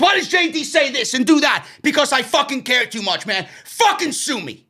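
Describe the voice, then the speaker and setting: A man with a New York accent ranting loudly and profanely while reviewing a wrestling show. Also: very high-pitched, big pitch swings, moderate pace. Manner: loud profane ranting, frequent shouting.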